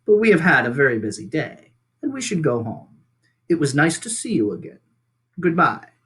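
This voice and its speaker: A man reading aloud as a polite female robot, speaking in a gentle, formal and measured way. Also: fairly high pitch, very animated.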